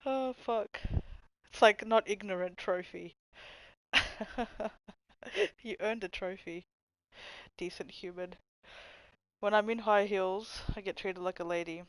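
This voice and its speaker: A young woman hosting a livestream, chatting casually with viewers in a low voice that people mistake for a man's, swearing and laughing often. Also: slow pace, pauses often, low-quality recording. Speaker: livestream host. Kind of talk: casual chat reading stream comments.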